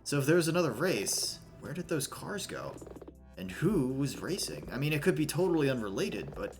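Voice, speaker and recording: A man's voice: fairly high pitch, big pitch swings, moderate pace, faint music behind. A man voicing an earnest young lawyer investigator in a game, questioning and a little hesitant. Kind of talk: reading game dialogue aloud.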